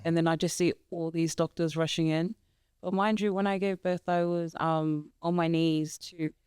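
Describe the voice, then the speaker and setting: A young woman with a very smooth, clean voice, talking as a guest in a casual podcast conversation. She speaks haltingly, with many fillers and restarts. The sound is dry and close. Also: on the low side, steady tone, a little mellow, no echo. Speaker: guest, mother of three.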